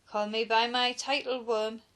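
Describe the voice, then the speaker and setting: A woman's voice: on the high side, level tone, unhurried, a bit bright. A woman putting on a bossy scheming boy gang leader. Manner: gloating, bossy, shrieking.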